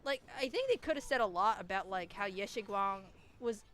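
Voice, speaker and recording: A woman's voice: mid-range voice, lively intonation, normal speed, a bit bright, soft background music. A young woman streamer with a nasal voice, chatting casually and rambling with lots of restarts while she plays a game. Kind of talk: casual chat while gaming.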